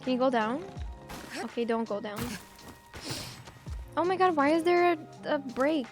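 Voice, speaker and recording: A woman's voice: high voice, lively intonation, measured pace, music in the background. A young woman from Bulgaria with a Bulgarian accent, chatting casually with her chat while livestreaming a game, teasing and reading messages aloud. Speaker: streamer.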